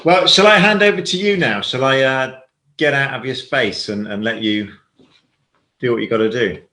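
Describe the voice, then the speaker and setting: A man's voice: medium pitch, normal speed, pushed and bright, roomy sound. A man hosting a church livestream, friendly and joking, often restarting his sentences. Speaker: church service host.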